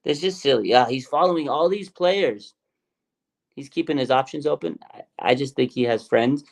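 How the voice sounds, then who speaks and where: A sports show host runs a casual livestream, reading chat comments aloud, laughing often and mocking rumors. His voice is medium in pitch and his pace is moderate.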